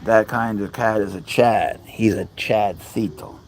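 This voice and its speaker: A man's voice: fairly low pitch, fairly even intonation, a little slow, a little mellow, a little hiss or hum, rough recording. A man casually livestreaming outdoors at night with his cats, chatting easily and reading viewer comments aloud. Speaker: cat owner livestreaming. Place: outdoors at night among bugs. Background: crickets chirping.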